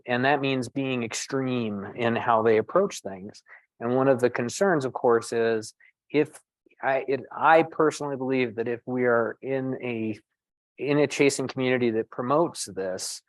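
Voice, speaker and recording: A man's voice: medium pitch, no echo, poor audio. Dry-voiced middle-aged man, thoughtful and wry. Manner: thoughtful, self-deprecating, with frequent restarts. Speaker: physician and storm chaser. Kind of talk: panel discussion talk.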